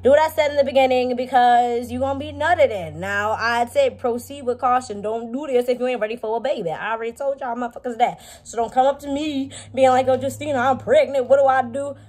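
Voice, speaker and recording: A woman's voice: on the high side, brisk, hardly any pauses. A young woman vlogging in a blunt, profane, joking casual chat. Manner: blunt, profane, animated, jokey.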